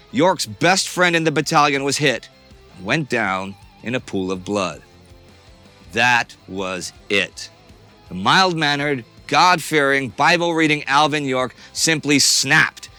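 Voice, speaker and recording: A man narrating a scripted history documentary in a dramatic storytelling manner. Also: a little high. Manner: dramatic storyteller, swings between tense and hushed.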